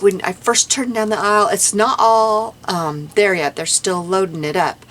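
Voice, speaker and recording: A woman's voice: mid-range voice, a bit bright, slight background noise. Giddy, chatty woman crafting vlogger. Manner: giddy, chatty, laughs often, many fillers. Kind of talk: casual chat while crafting.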